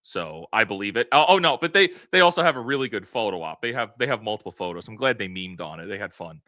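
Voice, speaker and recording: A man from New York with a New York accent, co-hosting a podcast in an animated, excitable casual chat. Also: fairly low pitch, fast, dry recording. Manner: animated, excitable, laughs often. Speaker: podcast co-host.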